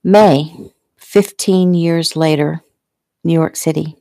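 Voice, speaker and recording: A woman's voice: sits low, moderate pace, dry recording. A woman author reading her own novel aloud at home in a casual, unpolished manner. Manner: relaxed, unpolished, clears throat. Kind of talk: casual audiobook narration. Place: home room.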